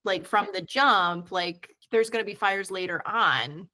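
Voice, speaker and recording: A woman hosting a podcast, jumping in with brisk questions and short remarks. Her voice has an ordinary middle pitch, and she speaks in short, quick bursts. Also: pushed and bright. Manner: quick, friendly back-channel replies and questions. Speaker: podcast host. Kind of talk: conversational interview.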